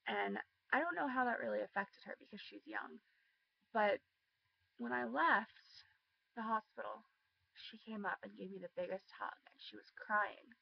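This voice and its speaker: Teenage girl with vocal fry. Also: mid-range voice, unhurried, lo-fi sound, a little hiss or hum. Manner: chatty, frequent ums and likes. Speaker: vlogger. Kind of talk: casual storytime.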